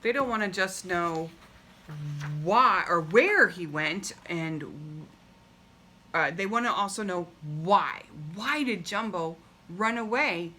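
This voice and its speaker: A woman reading a picture book aloud with expressive delivery and chatty asides. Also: on the low side, slow pace, slight background noise. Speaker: storybook reader.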